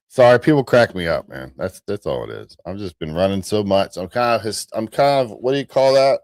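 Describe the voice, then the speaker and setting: Live-show host, American man, very low voice, loose rambling delivery, dry close sound. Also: lively intonation, a little fast, darkish tone, no room sound. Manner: rambling, restarts, chuckles at himself. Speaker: host of a live morning commentary stream. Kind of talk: casual rambling commentary.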